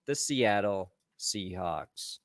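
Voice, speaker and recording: A young man co-hosting a casual sports podcast, animated and joking. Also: on the low side, extremely slow, no room sound, studio quality. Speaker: podcast co-host.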